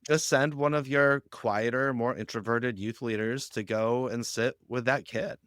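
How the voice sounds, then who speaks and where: A man speaking as a guest on a podcast interview, explaining ideas with lively anecdotes and acting out quoted lines. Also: mid-range voice, measured pace, clean tone, no room sound, studio quality. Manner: animated storytelling, acts out quoted lines. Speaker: guest on a youth ministry podcast.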